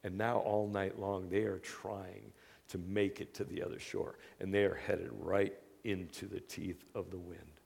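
A man preaching a sermon as earnest storytelling, moving between hushed, quiet passages and loud, excited bursts. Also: sits low, a little slow, creaky, husky. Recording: long reverb of a hall.

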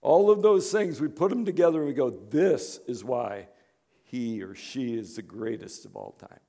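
A man pastor giving a conversational sermon, dropping to hushed asides and rising to emphatic points. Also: mid-range voice, lively intonation, normal speed. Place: church in Chicago.

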